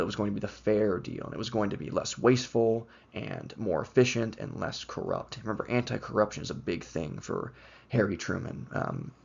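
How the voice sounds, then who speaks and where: A man giving a recorded history lecture, explaining at an unhurried pace with plenty of ums and uhs. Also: on the low side, vocal fry, breathy edge, lo-fi sound.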